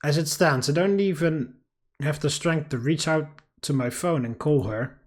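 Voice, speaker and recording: A man hosting a game playthrough, reading the story aloud in a steady, dramatic way with casual asides. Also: fairly high pitch, normal speed. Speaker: let's play host. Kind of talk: reading a visual novel aloud.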